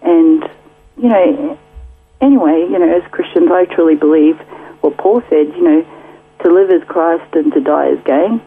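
Woman, husky voice, tinny phone line, chatty testimony, lots of fillers. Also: low-pitched, normal speed. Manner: chatty, laughs often, many fillers. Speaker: guest. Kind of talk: casual testimony.

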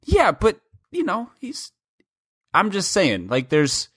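A man's voice: sits high, slow, breathy edge, no room sound, studio quality. A man co-hosting a casual podcast, chatting and reading a sponsor promo. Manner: chatty, animated, breaks into relaxed ad reads. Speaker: podcast co-host.

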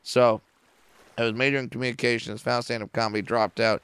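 A comedian in his forties tells stories on a podcast with a strikingly smooth, resonant voice. He swears freely and keeps jumping into animated quoted voices. The recording sounds dry and close. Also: medium pitch, no room sound. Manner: profane, animated, quick to act out quotes. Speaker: comedian guest. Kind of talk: casual podcast interview storytelling. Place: podcast studio.

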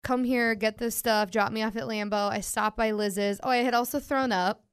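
A woman's voice: a little high, normal speed, clean tone, no echo, studio quality. A young woman, telling a story in casual chat and acting out what people said. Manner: animated storyteller, acts out quotes, laughs often.

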